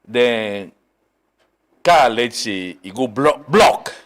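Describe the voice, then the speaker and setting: A middle-aged man from Sierra Leone with a Krio accent, a political guest telling a story in an animated way, mixing Krio and English. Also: medium pitch, drawn-out words, a little hiss or hum. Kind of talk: political talk show discussion.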